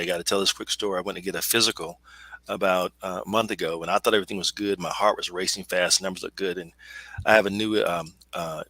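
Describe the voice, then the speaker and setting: A middle-aged man speaking on a webinar panel in an earnest, halting, emotional way. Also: low voice, sharp tone, dry recording, poor audio. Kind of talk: personal testimony in a webinar.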